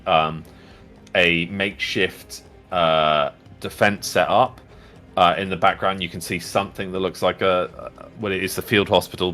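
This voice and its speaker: Low-voiced man running a tabletop game. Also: bright, forceful tone. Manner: rambling, full of fillers. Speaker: game master.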